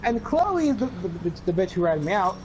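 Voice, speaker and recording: A teenage boy rambling through a casual, profane story, often mimicking other people in a higher voice. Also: very animated, brisk, slight background noise, poor audio. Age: teens. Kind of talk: casual chat.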